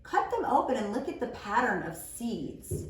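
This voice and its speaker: A young woman teaching preschoolers on video, gently sounding out words slowly and patiently as she plants seeds with a child. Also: on the high side, very animated. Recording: very echoey room, mic far off.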